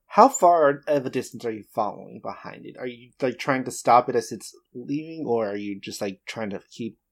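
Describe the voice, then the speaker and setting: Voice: mid-range voice, expressive, moderate pace. Laid-back tabletop game master. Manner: laid-back, explains rules with hesitations. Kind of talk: running a tabletop game, casual.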